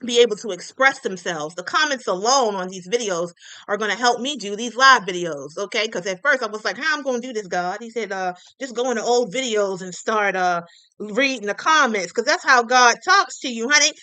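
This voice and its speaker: A woman's voice: fairly high pitch, animated, a little fast, pushed and bright, no echo. A woman hosting a livestream gossip channel, chatting casually and sassily with viewers, calling them honey. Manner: chatty, sassy, calls viewers honey and y'all.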